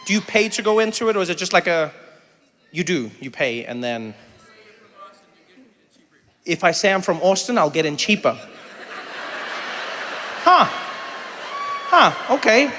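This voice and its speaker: A man's voice: high voice, a little slow, pauses often, big-room sound. A South African-born man doing stand-up comedy, telling stories and chatting with the audience, often mimicking other people's voices. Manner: animated storytelling, mimics voices, chats with audience. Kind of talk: stand-up comedy with crowd work. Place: large venue with live audience.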